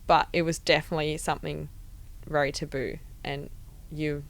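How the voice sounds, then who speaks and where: German-born woman coach, low and gravelly, easygoing podcast talk. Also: flat delivery, moderate pace. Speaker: fitness coach, podcast co-host. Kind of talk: casual podcast chat.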